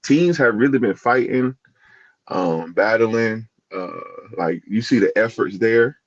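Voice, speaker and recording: Rambling podcast co-host, muffled dry sound. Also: male voice, on the low side, animated, slow, no echo. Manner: rambling, restarts, searching for words. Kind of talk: casual chat.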